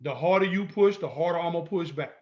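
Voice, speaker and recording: A man's voice: on the high side, fast, muffled recording. A man giving an emphatic, confrontational lecture, repeating his points boldly. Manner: emphatic, repetitive, bold and confrontational. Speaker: instructor. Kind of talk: lecture-style video walkthrough.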